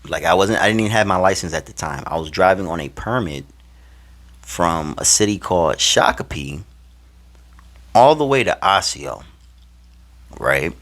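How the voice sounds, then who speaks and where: A young man from Minnesota telling a personal story to camera in a casual, slangy, animated way, swinging between loud and hushed. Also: sits low, moderate pace, pauses often. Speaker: vlogger.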